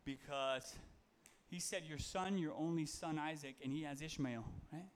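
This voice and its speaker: A man's voice: fairly high pitch, normal speed. A man giving a casual, conversational sermon, reading Bible verses and talking them through with fillers and self-corrections. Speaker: preacher.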